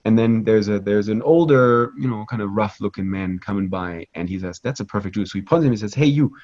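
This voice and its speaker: Male tour guide with a low register and a casual, filler-heavy delivery. Lo-fi streamed sound. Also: fairly quick. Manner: lively and conversational, with frequent fillers, restarts and "right?" tags. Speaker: virtual pilgrimage tour guide. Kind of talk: live online guided art tour.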